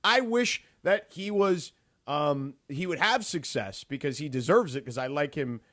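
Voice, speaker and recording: A man co-hosting a sports talk radio show, lively and playful, teasing his partner with a chuckle. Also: on the high side, unhurried, dry recording, studio quality.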